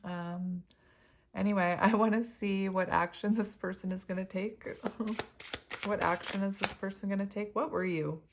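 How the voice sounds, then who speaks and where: Excitable woman giving a tarot reading. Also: mid-range voice, moderate pace, slight background noise. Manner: excitable, laughs often, talks straight to viewers. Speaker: tarot reader. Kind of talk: casual tarot reading to camera.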